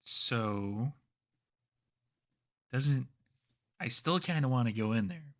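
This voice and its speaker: A man's voice: mid-range voice, expressive, takes it slowly. A man voicing a confused male ghost who has recently died, talking vaguely and hesitantly.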